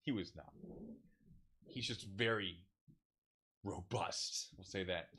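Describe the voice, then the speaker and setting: A man telling a story in a casual, animated way, laughing and swearing as he goes. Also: sits low, slow pace, husky.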